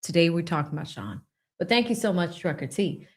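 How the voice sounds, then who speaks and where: A woman hosting a casual livestream, reading viewer comments aloud and laughing as she mocks the people she talks about with quick impressions. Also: lowish voice, lively intonation. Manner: reads viewer super chats aloud, laughing and mocking. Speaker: livestream host.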